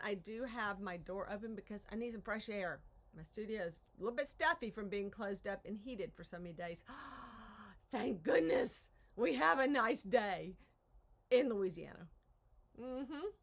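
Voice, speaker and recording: A woman hosts a casual craft live stream from her home art studio, rambling as she chats, interrupting herself and sighing over her troubles. She speaks at a medium pitch, a little slowly, with an expressive, fairly bright voice.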